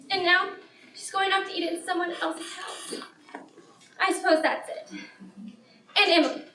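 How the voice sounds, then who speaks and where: A woman's voice: extremely high pitch, a bit bright. A student actress playing a tearful, fretful mother of the bride in a school stage play, heard from far off in an echoey auditorium. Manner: wistful, fretful.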